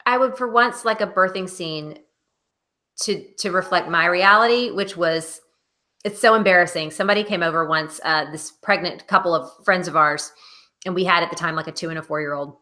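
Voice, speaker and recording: A woman in her thirties co-hosting a casual podcast chat, an animated storyteller. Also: moderate pace. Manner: animated storyteller, acts out quotes in a high wail. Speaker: podcast co-host.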